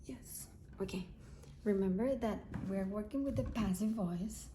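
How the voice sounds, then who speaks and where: A woman's voice: mid-range voice, moderate pace, heavy background noise. A woman teaching English grammar, explaining patiently, repeating key points and checking in with her students. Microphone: self-filmed camera.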